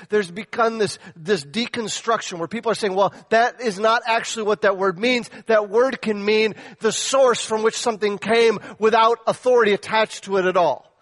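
A man preaching a sermon with emphatic rhetorical questions, his voice swinging high and low. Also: in a large hall. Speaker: pastor.

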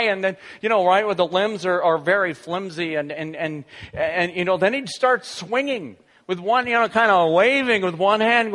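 A middle-aged pastor with a high voice delivers a sermon, weaving a personal story into scripture. He tells it in an animated way, full of fillers and restarts. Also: big-room sound.

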